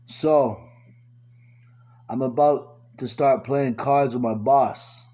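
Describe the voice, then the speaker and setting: A man's voice: mid-range voice, fairly even intonation, takes it slowly, warm tone, dull audio. A man doing stand-up, telling crude, slangy joke stories and acting out each quote himself. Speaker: stand-up comedian. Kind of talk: stand-up jokes told as short stories.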